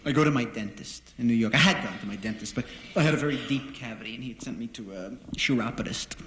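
A man doing a stand-up monologue in front of an audience, telling deadpan, self-deprecating stories. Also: medium pitch, fast talker. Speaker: stand-up comedian. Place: live venue with an audience. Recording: roomy live recording with noise. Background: audience laughter.

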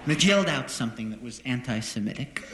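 A man doing a stand-up monologue in front of an audience, telling deadpan, self-deprecating stories. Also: mid-range voice, fast talker. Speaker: stand-up comedian. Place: live venue with an audience. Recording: roomy live recording with noise. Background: audience laughter.

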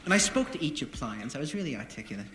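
A man doing a stand-up monologue in front of an audience, telling deadpan, self-deprecating stories. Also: medium pitch, fast talker. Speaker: stand-up comedian. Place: live venue with an audience. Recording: roomy live recording with noise. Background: audience laughter.

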